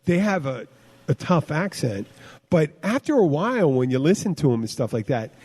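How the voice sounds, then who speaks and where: A man's voice: a little high, big pitch swings, normal speed, a little mellow, husky. A middle-aged man, a bartender hosting a podcast, chatting casually and telling rambling stories with many restarts. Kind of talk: casual chat.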